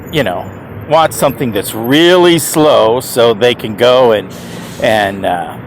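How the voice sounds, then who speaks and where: A man's voice: medium pitch, noisy background. A man over fifty rambling casually to camera, chuckling often and restarting his sentences with emphatic repeats. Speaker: e-bike rider vlogger.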